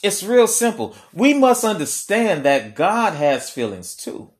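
Conversational male preacher, slightly high voice. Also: very animated. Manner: conversational, repeats key lines slowly for emphasis. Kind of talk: sermon.

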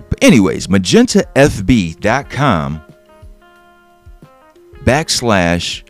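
A man's voice: lowish voice, huge pitch swings, slow, long pauses, faint music behind. A man hosting a podcast, ranting with heavy profanity and sarcasm. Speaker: podcast host. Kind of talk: ranting monologue.

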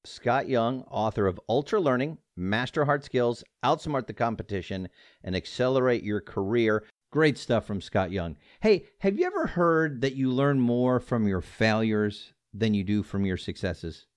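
A man's voice: medium pitch, expressive, measured pace, no room sound. Upbeat motivational man hosting an interview; easygoing, dry studio mic. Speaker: podcast host.

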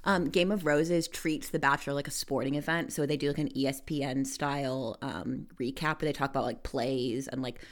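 Low-voiced chatty woman. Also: steady tone, fairly quick, few pauses. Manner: enthusiastic, many "like" fillers. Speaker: podcast guest. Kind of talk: casual chat.

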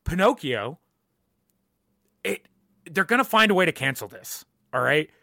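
A man's voice: a little high, very animated, unhurried, gravelly, pushed and bright, no echo, studio quality. A young man hosting a podcast, ranting casually and emphatically, swearing often and repeating his points. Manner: profane, emphatic, repeats himself.

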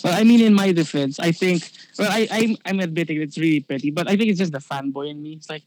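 A man's voice: fairly high pitch, quick pace, a little mellow, poor audio. A man talking in casual chat on a podcast, hesitant with restarts, slipping into Tagalog. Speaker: podcast guest.

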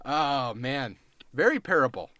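A man's voice: medium pitch, very animated, a little slow, pushed and bright, no room sound. A man co-hosting a podcast in casual chat, rambling and self-interrupting, laughing often. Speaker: podcast co-host.

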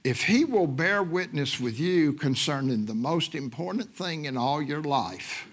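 A man preaching a sermon as guest minister, moving from quiet scripture teaching to loud shouted preaching. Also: a little high, expressive, measured pace. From Oklahoma. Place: church sanctuary.

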